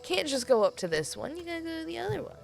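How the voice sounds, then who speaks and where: A woman's voice: extremely high pitch, sing-song, fast talker, vocal fry, music in the background. A woman streaming a game, talking casually with sarcastic, self-mocking commentary and frequent swearing.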